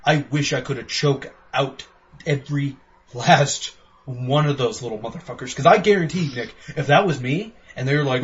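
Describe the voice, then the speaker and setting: Profane excitable male podcast co-host. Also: medium pitch, normal speed. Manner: profane, excitable, rants with acted-out quotes. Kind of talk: casual game review chat. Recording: dull lo-fi sound with faint noise.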